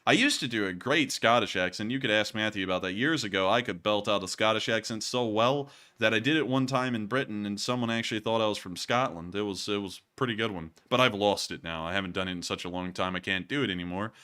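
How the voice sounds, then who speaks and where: A man's voice: fairly low pitch, quick pace, hardly any pauses, pushed and bright. A man hosting a live stream, chatting casually in a rambling, wry way with lots of fillers. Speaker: host of a war news live stream.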